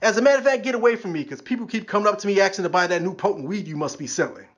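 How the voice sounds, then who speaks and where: A New York man hosts his podcast with a stand-up style comedic rant, his voice high-pitched, very fast and fairly bright. Wry and sarcastic, he acts out the quoted voices of the people he mocks.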